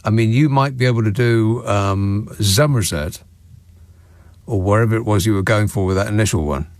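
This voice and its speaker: A man's voice: lowish voice, normal speed, darkish tone, no room sound. A man hosting a late-night radio phone-in from a studio, dry, sardonic and teasing with callers. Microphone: studio microphone.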